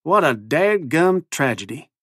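A man's voice: on the high side, very animated, fairly bright tone, husky, dry recording, studio quality, voice pushed up, full character voice. A man putting on a drawling would-be cowboy mayor. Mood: folksy. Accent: put-on Western cowboy drawl. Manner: drawling, earnest, slow. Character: small-town male mayor posing as a folksy cowboy.

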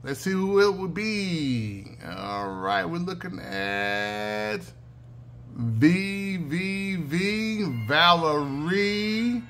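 A man's voice: a little high, very animated, very slow, a bit bright, a little hiss or hum. A man hosting his own channel, chatting casually while scratching lottery tickets and calling out numbers in a sing-song chant. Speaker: channel host.

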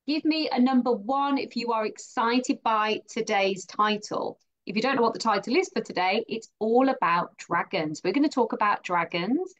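A woman's voice: fairly high pitch, a bit bright, muffled recording. A woman hosting a live stream, bubbly and effusive as she greets viewers and introduces her guest. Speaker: host.

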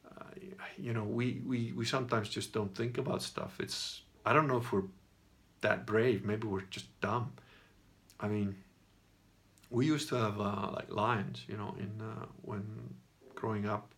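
A man's voice: fairly low pitch, steady tone, measured pace, vocal fry, a bit bright. A middle-aged man telling a personal story in a casual monologue, rambling and swearing, laughing as he goes and acting out what people said. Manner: rambling, profane, laughs as he talks, acts out quotes.

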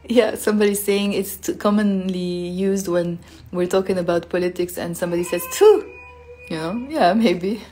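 Her voice sits lowish, with fairly even intonation and a normal speed. She's a woman teaching a language casually over a live stream, talking freely with plenty of fillers and performing the sounds expressively as she goes.

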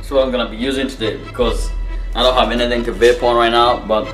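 A man's voice: medium pitch, flat delivery, quick pace, music in the background. A man talking casually to camera in a vlog, offhand and matter-of-fact. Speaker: online video creator.

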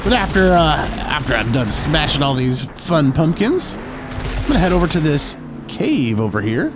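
A man's voice: on the high side, very animated, moderate pace. A man hosting a gaming channel, giving upbeat, chatty let's-play commentary and now and then slipping into playful pirate talk. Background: game music.

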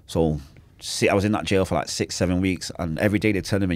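A man's voice: low-pitched, quick pace, darkish tone, no echo. A man telling an intense, emotional personal story as a podcast guest. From Manchester, England. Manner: intense, emotional, acts out quoted voices.

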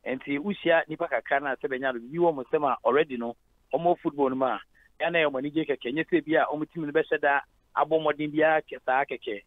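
A man's voice: a little high, steady tone, fairly quick, no room sound. A man with a Ghanaian accent, a head of sport calling in to a radio show, explaining at length and mixing English into Twi. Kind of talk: phone-in sports analysis. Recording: tinny phone line.

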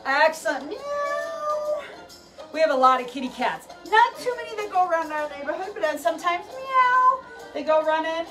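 High-voiced upbeat woman fitness instructor. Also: fast, hardly any pauses. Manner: encouraging, chatty, breaks into animal noises. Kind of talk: leading a kids' animal workout. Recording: voice from a distance with faint music. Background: faint workout music.

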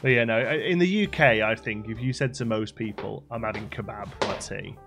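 An English man casually chatting on a live game stream, playful and quick to laugh while reading chat aloud. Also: lowish voice, a bit bright, soft background music. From England.

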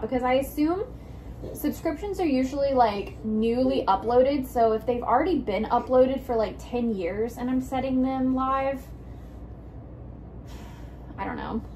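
A woman's voice: on the high side, animated, measured pace, darkish tone, a little hiss or hum, low-quality recording. A young woman giving a chatty, bubbly vlog update, heard in an old video played back. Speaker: vlogger.

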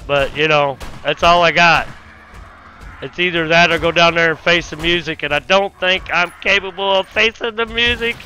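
A man giving casual let's play commentary while fighting a zombie horde, with loud cursing exclamations and folksy grammar. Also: fairly high pitch, moderate pace, soft background music. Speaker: gaming YouTuber.

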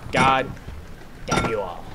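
A man's voice: mid-range voice, takes it slowly, background noise. A young man commenting as he plays a horror game, easily scared, given to sudden shrieks and nervous laughter. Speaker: gamer narrating his play.

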